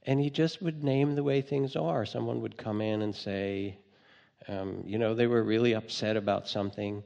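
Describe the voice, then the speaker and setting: Male meditation teacher, gentle and wry, gravelly timbre, recorded in a hall with a long reverb tail. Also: on the low side, steady tone, moderate pace, lo-fi sound. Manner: gentle storytelling with light humor. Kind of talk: dharma talk.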